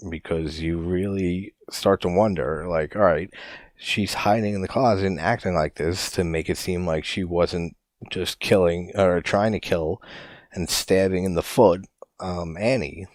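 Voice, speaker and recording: Deep-voiced man rambling about a film. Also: a little slow, no room sound. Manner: loose, rambling, heavy use of "like", casual swearing. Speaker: podcast host. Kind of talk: casual film review monologue.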